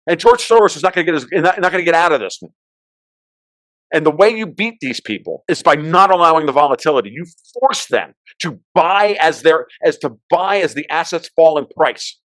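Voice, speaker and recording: Male podcast guest, high voice, dry close sound, heated profane rant on markets and politics. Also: dry recording. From United States. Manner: fast, ranting, profane, with sudden loud outbursts.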